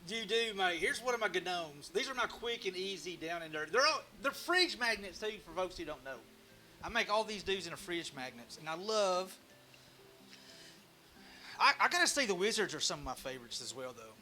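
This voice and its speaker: A man's voice: high-pitched, sing-song, normal speed, sharp tone, soft background music. A man hosting a casual live stream, rambling and joking at his own expense. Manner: rambling, joking and self-mocking, with frequent restarts. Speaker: live-stream woodcarving host.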